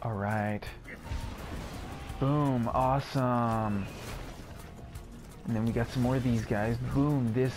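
A young man giving casual commentary over a video game, rambling and excitable, often stammering and repeating words. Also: lowish voice. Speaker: gaming streamer.

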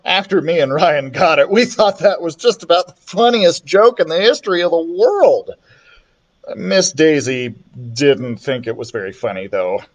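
A man reading a children's chapter book aloud, expressive and playful, switching voices for the characters. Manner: expressive, voices the characters with big pitch swings. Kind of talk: storybook read-aloud.

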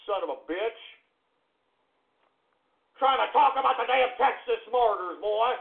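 A man with a high, gravelly voice hosts a live radio show, rambling in a loose, profane way and flaring into combative tirades. The sound is thin and phone-like, like an old radio stream. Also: a little slow. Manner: profane, combative, swings into shouted outbursts. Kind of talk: live call-in radio rant.

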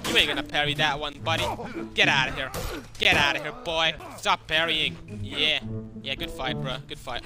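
A man's voice: on the high side, moderate pace. A young man giving casual gameplay commentary, trash-talking and swearing at opponents. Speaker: gaming YouTuber. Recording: game music underneath.

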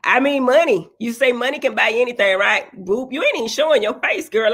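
A woman's voice: a little high, brisk, few pauses, fairly bright tone, slightly rough. A woman chatting bluntly on a casual livestream, reading viewer comments and answering them with profane, preachy advice.

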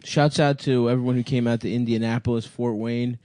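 A man co-hosting a comedy podcast, joking around in a playful, animated way and laughing easily. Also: mid-range voice, brisk, no echo. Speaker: podcast co-host. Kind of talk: crude casual banter.

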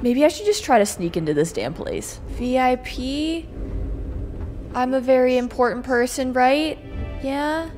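A woman streamer excitably talking to herself while playing a game, swearing and reacting loudly. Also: high-pitched, fairly quick, few pauses, faint music behind. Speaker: gameplay streamer. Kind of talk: let's play commentary.

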